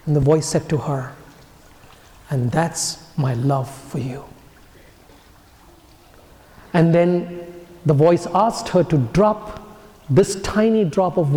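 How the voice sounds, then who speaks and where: A man, a priest, giving a homily as an earnest storyteller whose phrases soften and fall away at their ends. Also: a little high. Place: church. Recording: echoey church with long reverb.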